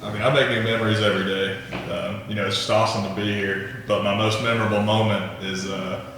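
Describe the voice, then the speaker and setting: A teenage football player answers in an easygoing, joking way. His voice is low but bright and forceful. It rings with a long hall echo over faint noise. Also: level tone, fast. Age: teens. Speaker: high school football player. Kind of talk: casual interview answer. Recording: echoey hall.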